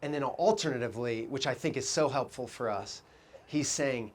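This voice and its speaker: A man preaching a sermon as pastor, telling stories with lively quoted voices and asking the congregation reflective questions. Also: medium pitch, normal speed. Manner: animated storytelling, quoting people in raised voices.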